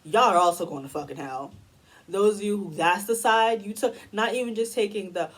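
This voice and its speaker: A young woman delivers a heated, profanity-laced commentary rant. Her voice is slightly husky and sits at a middle pitch. She sounds exasperated and blunt throughout. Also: fairly quick, low-quality recording. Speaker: commentary YouTuber. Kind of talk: ranting commentary.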